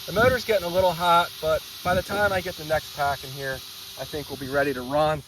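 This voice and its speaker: Enthusiastic man with a high voice. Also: fairly even intonation, fast talker, noisy background. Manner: enthusiastic, thinking aloud while reading data. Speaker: RC hobby channel host. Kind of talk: casual hands-on testing vlog. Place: outdoors by a road with traffic.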